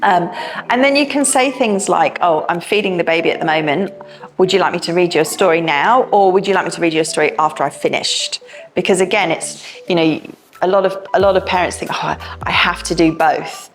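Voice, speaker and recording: A middle-aged woman with a fairly low voice tells stories from home to a group of parents. She rambles chattily, full of ums and restarts, and soft music plays faintly underneath. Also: a little fast. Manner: chatty and warm-hearted, with many fillers and restarts. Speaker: education director speaking to parents. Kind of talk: informal talk to parents, personal anecdotes.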